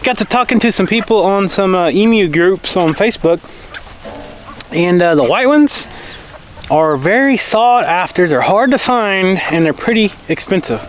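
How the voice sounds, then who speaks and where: A man's voice: sits high, animated, moderate pace, slight background noise. A man chatting casually to the camera as he feeds his farm animals outdoors, often talking to the animals themselves. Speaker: farm vlogger.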